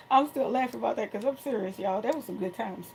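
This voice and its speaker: A woman's voice: on the high side, vocal fry, a little hiss or hum, rough recording. Chatty middle-aged woman crafting at home. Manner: chatty, animated storytelling to viewers. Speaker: crafting tutorial host. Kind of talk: casual chat while crafting live.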